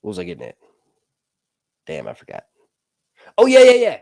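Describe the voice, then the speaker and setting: A man's voice: on the low side, wildly swooping pitch, normal speed, gravelly, darkish tone, no room sound, clean studio sound. A man in his early thirties, host of a casual live stream, rambling, joking and swearing as he loses his train of thought. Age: 30s.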